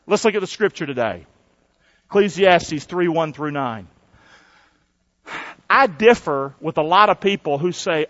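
A man's voice: very high voice, very animated, moderate pace, a bit bright, lo-fi sound. A male pastor preaching a sermon and calling for responses from the congregation.

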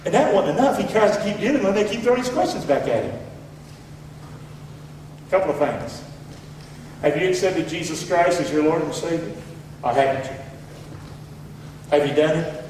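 A man with a Southern accent preaching a sermon in a folksy way, swinging between loud shouts and low asides. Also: lively intonation, moderate pace, pauses often, a little hiss or hum. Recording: echoey hall, voice from far off.

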